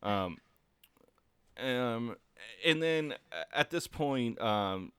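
A man's voice: mid-range voice, lively intonation, extremely slow, sharp tone, clean tone, no room sound. A man co-hosting a podcast, casually recapping a show with lots of ums and restarts. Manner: laid-back, many ums and restarts, laughs often. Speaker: podcast co-host.

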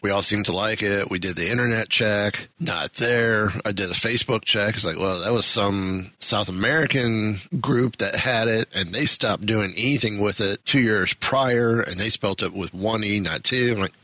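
Male podcast host, slightly low and bright, casual and chatty, forgets names mid-sentence, dry close mic. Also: normal speed, few pauses, dry recording, poor audio. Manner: rambling, self-deprecating, loses his train of thought. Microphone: studio podcast mic.

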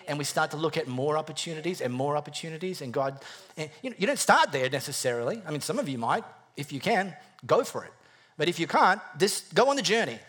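A man's voice: fairly high pitch, a bit bright. A male preacher giving a sermon in a jokey, conversational storytelling way, with wry self-deprecating humor and frequent restarts.

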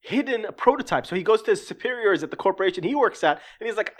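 This is an offhand spoken review, full of restarts and filler. The speaker drifts into profanity and dry sarcasm, rising in pitch whenever something annoys them, and settles back to a middling register in between. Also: fast talker, hardly any pauses. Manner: animated, pitch climbing when worked up. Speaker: show reviewer.

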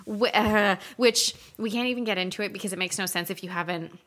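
A woman co-hosting a podcast in casual chat, swearing freely and joking in an animated way. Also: medium pitch, fairly quick. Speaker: podcast co-host.

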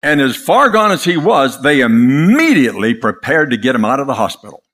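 An older man preaching a sermon, impassioned and dramatic, telling stories with pauses for effect. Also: medium pitch, very animated, a bit bright, husky.

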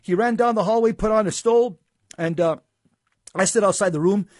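A man with a fairly high voice tells a personal story to a host, earnest and halting, restarting his words now and then. The sound is dry and close, with no room around it. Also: darkish tone, dry recording. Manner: earnest storytelling with repeats and stumbles. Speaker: guest. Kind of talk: personal testimony in conversation.

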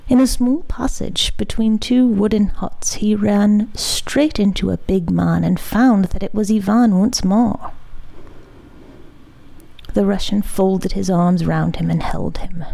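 Woman reader, literary story, measured, mellow, low-toned. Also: vocal fry, low-quality recording. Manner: slow, measured reading. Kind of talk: reading a literary short story aloud.

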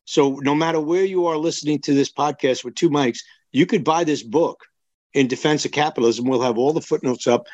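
A man's voice: on the high side, brisk, darkish tone, no echo. A male podcast host with a blunt, opinionated way of talking that tends to ramble. His voice comes through a dull, muffled mic in a dry, dead room. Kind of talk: interview.

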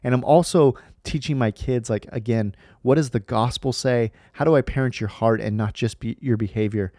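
A man's voice: medium pitch, moderate pace, dark tone, no echo, clean studio sound. A man in his thirties hosting a faith podcast, talking earnestly and rambling with fillers and restarts. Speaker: podcast host. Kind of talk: casual faith podcast talk.

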